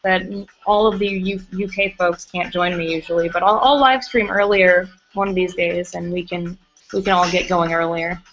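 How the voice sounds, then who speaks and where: Her voice lowish, steady and fairly bright at normal speed, a woman chats casually on a livestream from her home studio while working. She gushes as she answers viewers; the computer mic gives muffled lo-fi audio with faint music.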